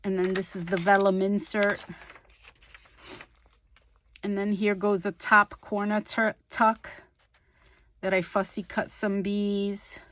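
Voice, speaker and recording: A middle-aged woman talks through a crafting project in a slow, unhurried way. She fills pauses with ums and corrects herself as she goes, in a casual, homey narration. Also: mid-range voice. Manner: relaxed and unhurried, with frequent ums and small self-corrections. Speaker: craft video host.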